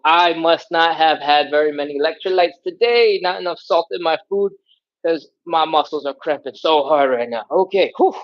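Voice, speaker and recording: A man leading a live stretching class, coaching and counting out loud while he stretches along, puffing and sighing between cues. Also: a little high, moderate pace, dull audio. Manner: breathing hard, sighs and grunts while stretching along. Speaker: fitness instructor.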